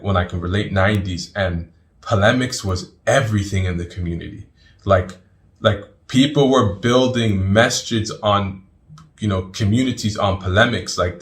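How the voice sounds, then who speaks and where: A middle-aged man, a guest in an interview, telling his story in an animated way and often repeating words. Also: on the low side.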